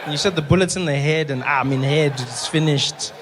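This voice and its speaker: A young man with a South African accent telling an animated, exasperated stand-up story. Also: on the high side, fairly quick, noisy background. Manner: animated, exasperated, shouting outbursts. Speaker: stand-up comedian.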